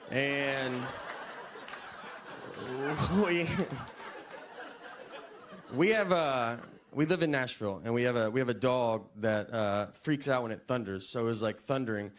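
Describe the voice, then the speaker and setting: A comedian telling stand-up stories in a slow, deadpan drawl. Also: male voice, medium pitch. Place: live venue with audience. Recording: live audience noise.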